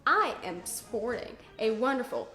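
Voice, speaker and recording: A woman's voice: a little high, very animated, unhurried, sharp tone, roomy sound, soft background music. A teenage girl hosting a cooking tutorial, bubbly and joking with chatty asides. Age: teens. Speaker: cooking video host.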